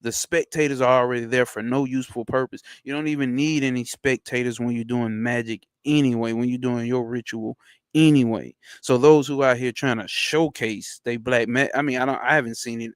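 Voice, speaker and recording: A man hosting a livestream, reading a text aloud in halting stops and breaking off into loose, profane slang asides. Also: medium pitch, fairly even intonation, smooth, no echo, clean studio sound. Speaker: livestream host. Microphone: home streaming setup.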